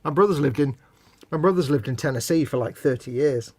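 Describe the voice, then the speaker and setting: A man's voice: medium pitch, a little fast, no echo. A man co-hosting a live model-building stream, joking and teasing, explaining things at length. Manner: jokey, teasing, rambling explanations. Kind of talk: casual chat.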